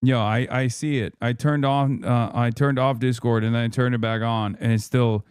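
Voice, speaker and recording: A man's voice: medium pitch, fairly even intonation, moderate pace, a little mellow, smooth, no room sound, clean studio sound. Frustrated male streamer swearing at tech. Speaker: livestream host. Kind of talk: live stream chat with viewers.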